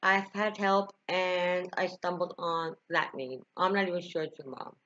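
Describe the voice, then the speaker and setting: A woman's voice: fairly low pitch, steady tone, unhurried, fairly bright tone, highs cut off, a little hiss or hum. A young woman vlogging to camera, telling a personal story with emotion, laughing and sighing at times. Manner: emotional, tearful at times, frequent laughs and sighs.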